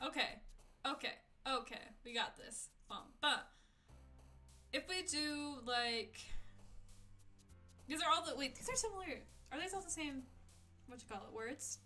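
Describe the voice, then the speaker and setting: A woman's voice: high-pitched, expressive, a little slow, pauses often, pushed and bright, soft background music. A woman streamer giving chatty let's-play commentary and laughing often.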